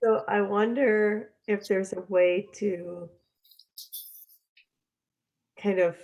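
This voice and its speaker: A middle-aged woman hosting a podcast, talking in a relaxed, chatty way with lots of fillers. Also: medium pitch, slow, creaky, dull audio. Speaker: podcast host. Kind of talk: casual conversational chat.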